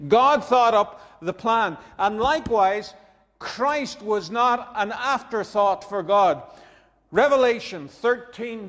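A man's voice: high voice, in a large hall. A man preaching a sermon, conversational and emphatic, chuckling between his points.

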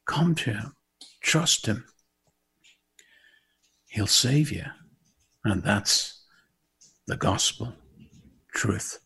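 A man's voice: fairly low pitch, expressive, extremely slow, creaky, long pauses, pushed and bright, husky. A middle-aged man from Northern Ireland with a Northern Irish accent, preaching a sermon and praying to listeners in an emphatic, heartfelt way. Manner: emphatic and heartfelt, rising and falling. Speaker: pastor.

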